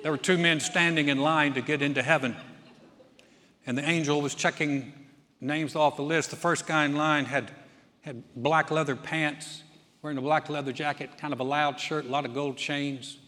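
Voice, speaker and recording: Man, pastor, sermon, folksy joking storyteller, somewhat high voice, long church-hall reverb. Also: steady tone, moderate pace, sharp tone. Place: church sanctuary.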